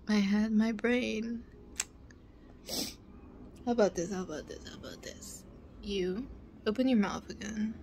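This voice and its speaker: A young woman speaks in a whispered role-play, slow and unhurried, with a soft, teasing manner and frequent giggles. Her voice sits a little high and carries a breathy, airy edge. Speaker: audio role-play performer.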